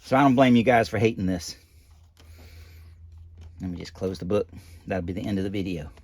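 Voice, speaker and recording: A man's voice: low voice, brisk, a little mellow, dry recording. A man reading a picture book aloud, breaking off for folksy, rambling, joking asides. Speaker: storybook reader.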